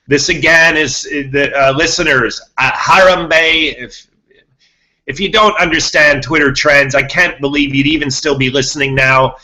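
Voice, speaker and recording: Talking to his audience, this podcast host rambles on, restarting words and saying things more than once. His voice is a little high, pushed and bright, with fairly even intonation at a moderate pace, and the recording is rough.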